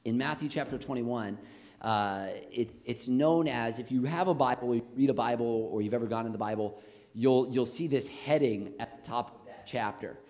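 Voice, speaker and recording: A man with an American accent, a pastor preaching a lively, jokey sermon in a church on a handheld mic. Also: medium pitch, normal speed. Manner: animated, jokey, rising to shouts on quotes. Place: church sanctuary. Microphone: handheld microphone, later switched off.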